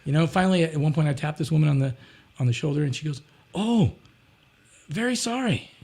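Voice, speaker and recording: A man talking as a podcast guest, telling a long story in an animated, rambling way and acting out other people's voices. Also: a little high, very fast, creaky. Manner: rambling, with frequent restarts and "you know". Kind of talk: casual anecdote storytelling.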